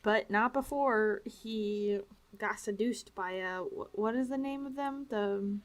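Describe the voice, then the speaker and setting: A woman's voice: mid-range voice, takes it slowly. A woman co-hosting a casual movie-review podcast, joking at her own expense and asking questions. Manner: self-deprecating, jokey, asks questions. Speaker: podcast co-host.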